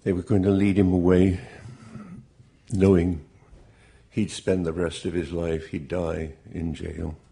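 A bereaved father giving personal testimony, speaking in a slow, measured, deeply earnest way with a gravelly, husky voice. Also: little pitch movement, mellow.

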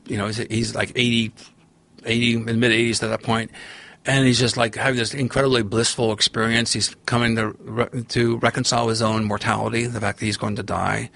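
A middle-aged man, a podcast guest, telling a long story in a rambling, animated way and acting out the voices he quotes. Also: medium pitch, creaky. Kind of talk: storytelling in a long-form interview.

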